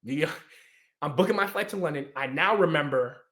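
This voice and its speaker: A young man from the United States tells a long story in relaxed chat. His voice sits a little high for a man, and he livens it up by acting out what others said, laughing as he goes. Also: moderate pace. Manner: animated, acts out quotes, laughs often. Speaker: guest storyteller.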